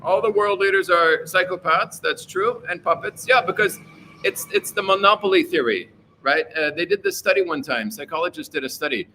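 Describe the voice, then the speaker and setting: A man's voice: high voice, normal speed, sharp tone, slight background noise. A man hosting a casual livestream, reading out chat and rambling through his opinions with many fillers.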